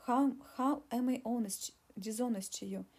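A woman's voice: on the high side, moderate pace, a little mellow, husky. A woman voicing a pregnant young woman who pleads and argues in an audiobook reading. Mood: pleading. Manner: pleading, insistent.

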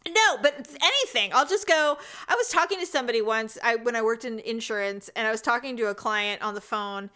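A woman in her thirties co-hosting a casual chat show, telling an animated story and jumping into high voices when she quotes people. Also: fairly quick, few pauses, smooth. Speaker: podcast co-host.

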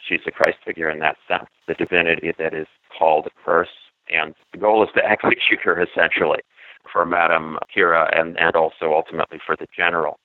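A man's voice: deep voice, flat delivery, fairly quick, no echo. A man co-hosting a casual film podcast, talking in a chatty, digressive way with many fillers. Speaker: podcast co-host. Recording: dry, phone-like narrow sound.

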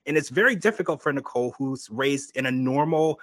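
A man hosting a podcast, chatting casually and giving his opinions while quoting people in quick asides. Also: medium pitch, lively intonation, a bit bright, no room sound. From United States. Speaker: podcast host. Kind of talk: casual recap chat.

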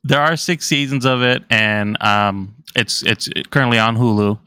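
Man, rambling podcast co-host, bright voice, dry close mic. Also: medium pitch, normal speed, smooth, dry recording. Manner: rambling, many restarts. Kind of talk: casual chat.

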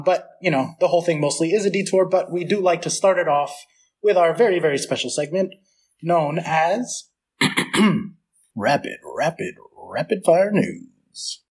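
A man hosting a casual podcast chat, chatty and laughing often, with a slight vocal fry. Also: sits high. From United States. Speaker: podcast host.

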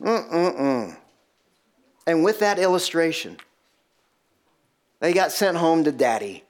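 High-voiced male preacher. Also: lively intonation, slow pace. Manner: conversational, emphatic, asks rhetorical questions. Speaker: pastor. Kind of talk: expository sermon.

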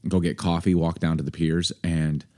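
Deep-voiced guy in his 40s chatting on a podcast, easygoing, kinda rambly. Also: normal speed. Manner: relaxed, rambling, laughs often. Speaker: podcast co-host. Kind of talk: casual chat.

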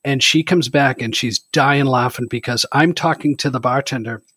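A man's voice: medium pitch, moderate pace, a bit bright, husky, no room sound. A man in casual chat, telling a rambling story.

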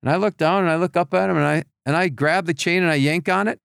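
A man telling animated stories in a casual chat, acting out other people's voices with lots of restarts. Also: fairly high pitch, fast talker, creaky, clean tone, no echo, studio quality. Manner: animated storyteller, acts out voices, many restarts. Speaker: podcast guest telling stories.

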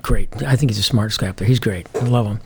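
A man's voice: on the low side, quick pace, creaky, noisy background. A man, a former police commander, telling stories in an interview and acting out the dialogue in different voices. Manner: lively, acts out quoted dialogue in different voices. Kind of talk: anecdotal interview storytelling.

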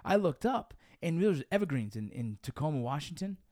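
Young guy, quick, swears constantly, dude-and-bro storyteller, dry close mic. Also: a little high, no echo. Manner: profane, animated, says dude and bro. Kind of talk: casual storytelling chat.

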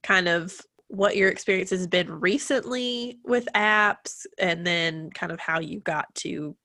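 A woman's voice: lowish voice, unhurried, bright, forceful tone, dry recording, studio quality. A woman, congested from allergies, co-hosting a casual podcast in a chatty, bubbly way. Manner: chatty, bubbly, says "like" often. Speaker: podcast co-host.

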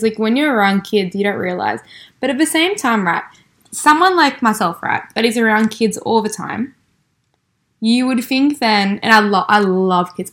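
A young woman co-hosting a podcast in casual chat, chatty and quick to laugh, acting out the lines she quotes. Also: on the high side, a bit bright. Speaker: podcast co-host.

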